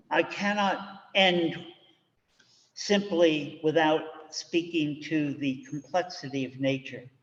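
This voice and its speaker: A male minister giving a measured, reflective sermon from the pulpit. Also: on the high side, fairly bright tone. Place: church sanctuary. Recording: dull recording with long church reverb.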